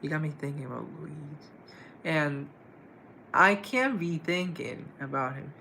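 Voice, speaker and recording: A man's voice: a little high, unhurried, creaky, sharp tone, slight background noise, poor audio. A man hosting a live stream in a casual, chatty way, greeting viewers by name and answering their comments.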